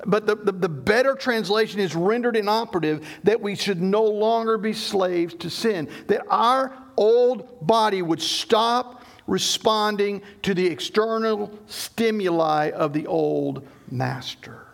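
A man's voice: sits high, a little slow, gravelly, few pauses. A middle-aged man preaching a sermon, explaining scripture emphatically and often restarting his sentences. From Southern United States. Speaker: pastor.

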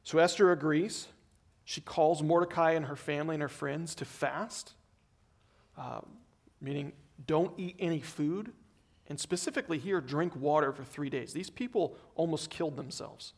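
Male pastor, high voice, relaxed storytelling sermon, plays the parts as he goes. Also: normal speed. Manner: conversational storytelling, acting out voices.

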